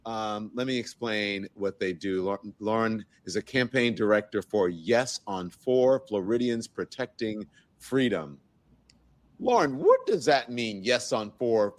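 A man's voice: medium pitch, no echo. Male talk-show host, chatty and loose, dry studio sound. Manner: conversational, loose, restarts sentences. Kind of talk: news talk interview.

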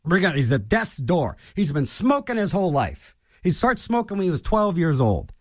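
A man delivering a comedic rant, rambling and animated, full of restarts and mock voices. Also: fairly high pitch, moderate pace.

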